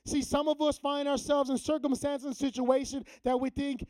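Man, youth pastor, very high voice, casual slangy preaching, dry close sound. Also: flat delivery, moderate pace, hardly any pauses, no echo, low-quality recording. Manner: conversational preaching, drops to a hushed prayerful tone; slangy street talk mixed with scripture. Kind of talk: sermon.

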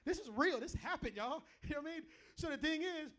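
A middle-aged man delivers a sermon fairly quickly in an extremely high voice, animated and joking as he calls out to the congregation. He's a pastor in a church hall full of live listeners.

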